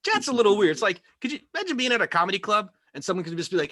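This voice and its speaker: A man's voice: sits high, very animated, racing, sharp tone, no echo. A man doing a stand-up comedy set over a video call, telling wry stories that build to punchlines. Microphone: video call microphone.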